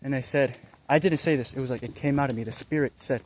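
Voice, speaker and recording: A young man casually telling a spiritual experience, rambling and excitable, full of fillers and slang. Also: medium pitch, quick pace, few pauses, slight background noise. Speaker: vlogger.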